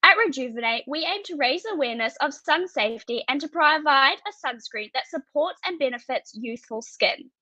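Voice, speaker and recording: A teenage girl giving a rehearsed pitch for her student business over a video call, in a clear, recited delivery. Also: animated, normal speed, hardly any pauses, bright, forceful tone, dry recording. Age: teens. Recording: dull, dry video-call audio.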